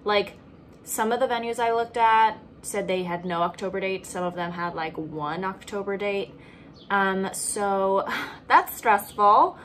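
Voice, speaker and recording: A young woman in her twenties chats to her camera in a casual vlog. She tells the story in an animated, gushing way and fills it with "like" and little side comments. Her voice sits at an ordinary middle pitch for a woman. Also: unhurried, a little hiss or hum. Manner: chatty, animated, heavy use of "like". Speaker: vlogger.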